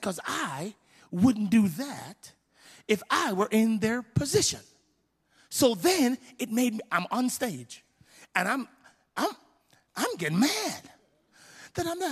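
A pastor with a high, fairly bright voice and a breathy edge preaches from the stage of a large church hall. His sermon is impassioned yet conversational, full of repetitions, and recorded live with plenty of reverb.

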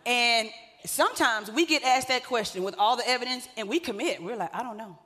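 A woman's voice: on the high side, a little fast, pushed and bright. A woman pastor, preaching a sermon in a conversational way, with joking asides to the congregation. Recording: long hall reverb.

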